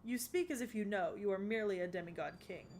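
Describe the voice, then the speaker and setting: A woman voicing a haughty goddess who rules the underworld, grandiose and commanding but quickly flustered, in an English anime dub. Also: a little mellow, a little hiss or hum, close to an everyday voice. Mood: imperious. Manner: grandiose and imperious, then flustered and shrill. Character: haughty goddess queen of the underworld, proud yet easily flustered.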